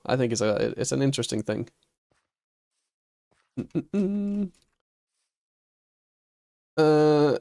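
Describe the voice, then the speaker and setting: A man's voice: medium pitch, mellow. Norwegian male streamer, native Norwegian speaker, laid-back chat with frequent chuckles. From Norway. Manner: easygoing, chuckles often. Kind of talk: casual livestream chat with viewers.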